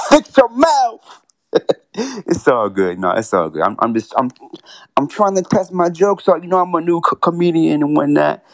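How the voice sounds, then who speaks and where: A man's voice: fairly high pitch, animated, moderate pace, vocal fry, a bit bright, no echo. A man calling himself a new comedian, speaking defiantly and boastfully in a voice chat. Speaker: aspiring comedian. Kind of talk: casual chat.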